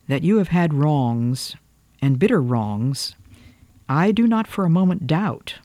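A man narrating an audiobook with a voice that sits a little high, yet mellow and dark in tone. He reads with earnest, preaching drama, leaning into stern rhetorical questions. The recording is close and dry, with no room sound. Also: no echo. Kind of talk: scripted narration of a novel.

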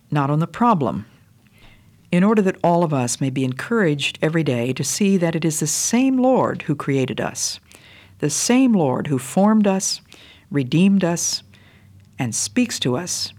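An older woman teaching the Bible on a devotional radio program, slow, measured and earnest. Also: low-pitched, a little mellow.

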